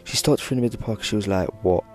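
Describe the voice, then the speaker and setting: A man's voice: lowish voice, very fast, faint music behind. A young man telling a personal story for his vlog, rambling with lots of "like" fillers. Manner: rambling, filler-heavy "like" delivery. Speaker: vlogger.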